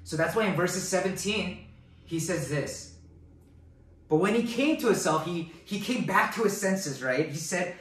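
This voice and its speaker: A man preaching a sermon in an animated way, often adding "right?" to his points. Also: high voice, a little slow. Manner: animated, acts out quoted voices with many "right?" tags. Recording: echoey hall, voice from far off.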